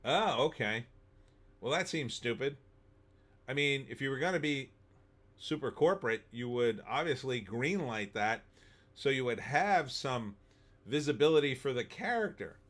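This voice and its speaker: A man's voice: medium pitch, expressive, a little slow, fairly bright tone. A man hosting a live movie-talk stream, chatting casually and answering viewer comments in a rambling, opinionated way with lots of ums.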